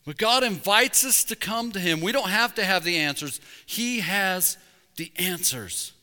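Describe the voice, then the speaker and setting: A man preaching a sermon as pastor, conversational with jokes, rising to loud emphasis at points. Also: sits high, expressive, unhurried. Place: church sanctuary. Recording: reverberant church sanctuary.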